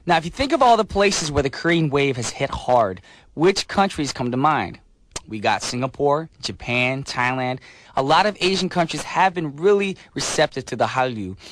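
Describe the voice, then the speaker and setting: A man's voice: fairly high pitch, a bit bright. A man hosting a radio show from a studio, upbeat and chatty, with some filler sounds. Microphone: studio mic.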